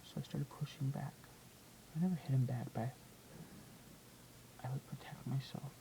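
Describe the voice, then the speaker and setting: A vlogger telling a painful personal story in a confessional way, often dropping to a hush and then swinging loud. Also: medium pitch, steady tone, normal speed, gravelly, noisy background. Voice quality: hushed, often whispered delivery. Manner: emotional, swings from hushed to loud.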